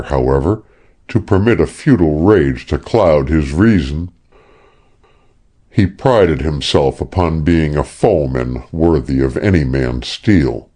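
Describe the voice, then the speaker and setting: Male audiobook narrator, very low, slow, expressive reading. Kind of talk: scripted narration.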